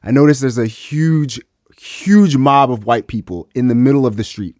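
Animated storytelling man, lively voice. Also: normal speed, no room sound, clean studio sound. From United States. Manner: lively, acts out quotes with big pitch jumps. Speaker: musician and guest.

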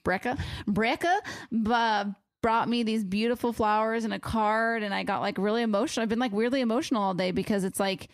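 A woman's voice: a little high, brisk, no room sound, studio quality. A tired young woman co-hosting a podcast, talking in a gushing, emotional way with many fillers. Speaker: podcast co-host. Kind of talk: casual chat.

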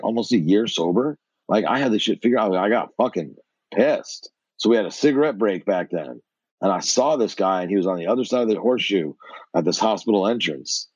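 A man's voice: low voice, no room sound, lo-fi sound. A middle-aged man from New York, a podcast guest telling his life story with blunt, profane energy.

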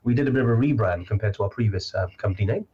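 Husky chatty man hosting a live stream. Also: fairly low pitch, rapid-fire, muffled recording. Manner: hesitant, many fillers, chatty. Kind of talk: casual live chat.

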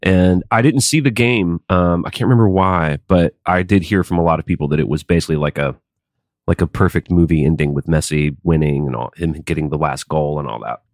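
A man with a very low voice co-hosting a comedy podcast, laid-back and wry as he reads listener emails. The sound is dry and close. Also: fairly quick, darkish tone, no echo. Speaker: podcast co-host. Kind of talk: casual comedic chat, reading listener emails.

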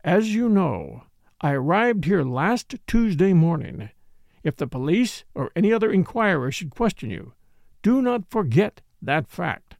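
A suave, scheming French count of middle years, smooth and measured in his speech, as a male narrator puts him on. The voice swings widely in pitch with a gravelly edge, heard close and dry. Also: big pitch swings, no echo, full character voice. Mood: smooth, calculating.

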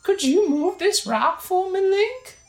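A woman putting on a high, slow, fluttery voice for a timid, grateful nursemaid in a video game. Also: animated, darkish tone, reverberant, soft background music, full character voice, low-quality recording. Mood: eager.

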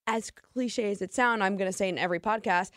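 A woman's voice: medium pitch, a bit bright, no echo, clean studio sound. Blunt, teasing woman hosting a podcast. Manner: blunt, playful, quick to tease. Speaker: podcast host. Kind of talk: casual podcast interview.

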